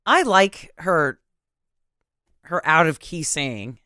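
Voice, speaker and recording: A woman chats candidly about a movie with her co-hosts, swearing now and then. Her voice is smooth and clear and moves freely up and down. It is recorded close and dry. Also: deep voice, sing-song, slow, sharp tone, dry recording. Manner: chatty, candid, casually profane. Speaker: podcast co-host. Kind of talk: casual comedic movie chat.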